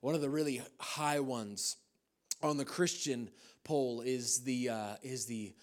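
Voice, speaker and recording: A man's voice: mid-range voice, fairly even intonation, takes it slowly. A man from the United States, a pastor, preaching a sermon at a church service, telling stories with humor and loose fillers.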